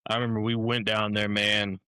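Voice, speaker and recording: A man telling stories as a guest, animated and full of "man" and "dude". His voice is bright and forceful, recorded close and dry. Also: lowish voice, brisk, smooth, no room sound. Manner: animated, keeps saying "man". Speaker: guest, former college football player. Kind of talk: casual storytelling.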